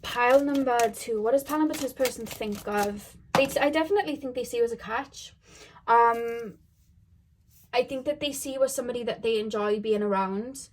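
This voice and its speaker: A woman's voice: fairly high pitch, fairly quick, a little hiss or hum. A woman giving a casual tarot reading to camera, chatty and frank, with lots of fillers and restarts. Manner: chatty, loose, with many fillers and repeated phrases; frank and matter-of-fact. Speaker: tarot card reader.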